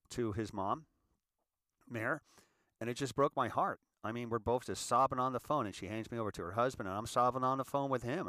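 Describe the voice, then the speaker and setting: A middle-aged man hosting his own show, giving a heartfelt monologue that stumbles and repeats words, then grows animated. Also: mid-range voice, dry recording, studio quality. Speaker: podcast host.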